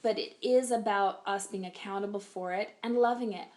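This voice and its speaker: A woman in her forties, chatting earnestly and reflectively on a podcast, slowing down to stress her points. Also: mid-range voice, fairly even intonation, darkish tone. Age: 40s. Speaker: podcast co-host. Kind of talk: casual chat.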